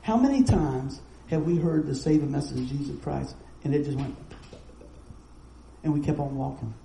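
A middle-aged man preaches a sermon in an animated, folksy style, full of stories and asides. His voice sits high but sounds dark and mellow. The sound carries the echo of a roomy church hall, with faint noise underneath. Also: moderate pace, creaky. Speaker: pastor.

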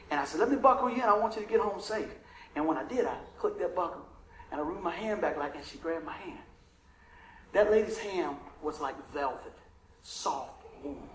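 A man with a high voice tells a story from the pulpit, folksy and heartfelt, asking the crowd for an amen now and then. His voice rings out in a roomy, echoing hall. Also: fairly bright tone, slight background noise. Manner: emotional, conversational, Southern-tinged storytelling with asides to the congregation. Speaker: preacher. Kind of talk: storytelling sermon.

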